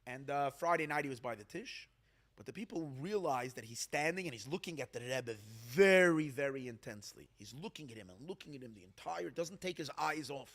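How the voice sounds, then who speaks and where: A man's voice: medium pitch, animated, a little fast, a bit bright. A man, a rabbi, telling a dramatic story at an evening gathering, acting out the quotes and repeating words to build suspense. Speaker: rabbi telling stories of tzadikim.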